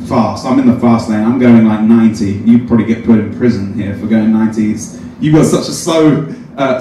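English man telling stand-up stories, echoey. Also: mid-range voice. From England. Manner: animated, self-deprecating storytelling. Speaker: stand-up comedian. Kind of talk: stand-up storytelling. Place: open mic at a coffee shop. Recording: distant mic in a very echoey room with noise.

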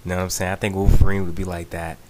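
Guy with a lowish voice rambling into his camera, lots of ums and you know what im saying. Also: level tone, racing, a little mellow. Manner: filler-heavy, keeps asking "you know what I'm saying". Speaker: video blogger. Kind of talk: rambling casual video response.

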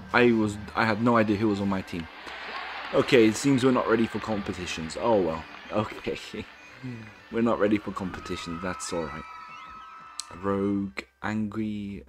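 A man casually commenting on his own gameplay, rambling and correcting himself as he reads the game's dialogue aloud. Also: fairly low pitch. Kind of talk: casual let's-play commentary.

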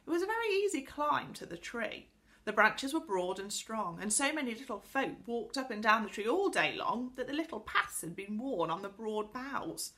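Teacher reading a kids book out loud, bright and bouncy, talks to the class. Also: female voice, fairly high pitch, moderate pace. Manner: expressive, lively storytelling; speaks directly to pupils. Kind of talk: reading a children's book aloud.

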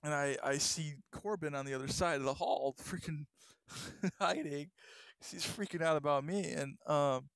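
Young guy, casual vlog storyteller, rambly with lots of fillers; clean, smooth voice, dry close sound. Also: a little high, unhurried, fairly bright tone, dry recording. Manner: rambling, many fillers and restarts. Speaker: vlogger.

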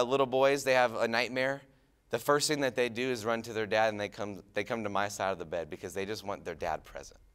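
Youth pastor, man in his thirties; smooth, clear mid-range voice, relaxed storyteller who goes quiet for emphasis. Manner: casual storytelling with many fillers and restarts; drops soft and low on key lines. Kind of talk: youth sermon.

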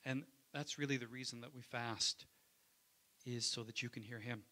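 A man's voice: mid-range voice, steady tone, normal speed, bright, forceful tone. A man, a pastor, preaching a sermon in a conversational way, often asking the congregation for an amen. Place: church.

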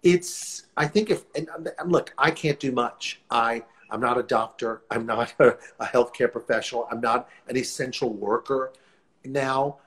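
A man, a guest actor telling stories in a relaxed live interview over a video call, rambling warmly with frequent restarts. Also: medium pitch, measured pace. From New Orleans, USA. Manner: warm, rambling storyteller with many restarts. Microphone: phone or laptop on a video call.

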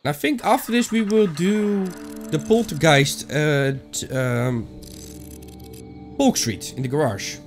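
A gaming YouTuber gives chatty let's-play commentary on a ghost hunting game, thinking out loud with some non-native phrasing. His voice is a little high and measured in pace, with soft background music behind it.

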